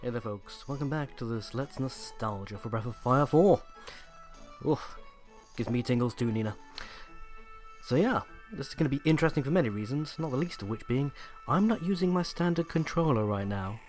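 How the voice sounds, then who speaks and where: A man talking casually over a game he is playing, with dry, rambling asides. His pitch moves freely up and down, and faint music plays behind him. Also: animated, normal speed, darkish tone. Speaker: let's play host. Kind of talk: casual gameplay commentary.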